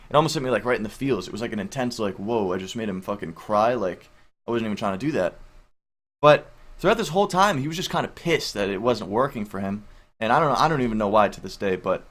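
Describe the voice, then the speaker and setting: A man's voice: medium pitch, a bit bright. A young adult man casually telling a personal story to camera, rambling and full of filler words, with casual swearing. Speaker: vlogger.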